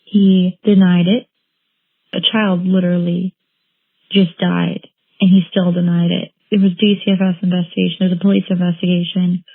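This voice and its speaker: A woman telling her own painful story as an interviewee, halting and repeating phrases as she recounts what happened. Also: lowish voice, vocal fry, slightly rough, dry recording. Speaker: interviewee, bereaved mother. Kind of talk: emotional personal account. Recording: tinny phone-like line, dry.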